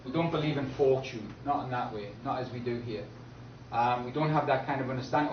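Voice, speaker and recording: Speaking in a mid-range voice, a male English teacher from Britain lectures slowly and emphatically, often checking in with "okay?" and stressing key words. The lo-fi, dull recording comes from a distance in an echoey classroom, with slight background noise.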